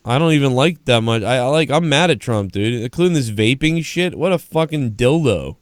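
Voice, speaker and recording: A man's voice: medium pitch, lively intonation, a little fast, dry recording, clean studio sound. A young adult man chatting crudely on a live show, tired and drunk, rambling and swearing with lots of laughs. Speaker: podcast co-host. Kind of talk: crude casual banter.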